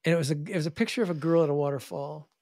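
A man telling stories in an interview in an animated way, often restarting and acting out the people he quotes. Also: fairly high pitch, very fast, no echo. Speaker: charity founder and guest. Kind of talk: interview storytelling.

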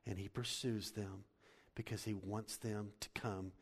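A middle-aged male pastor preaching a sermon, animated, swinging from loud to hushed. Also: fairly low pitch, a little slow, husky. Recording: long hall reverb.

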